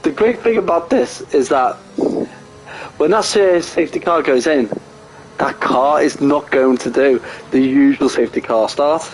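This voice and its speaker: A man giving casual live sim racing commentary, excitable and jokey, often laughing at his own crude remarks. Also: on the high side, measured pace, slight background noise, rough recording. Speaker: race commentator.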